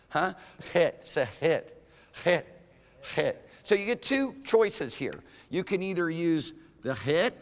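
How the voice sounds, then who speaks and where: The voice is a man's, a little high and fairly bright, trailed by long reverb. He is lecturing an intro-level Hebrew class in a casual, conversational way, regularly pausing for an "okay?" with his students.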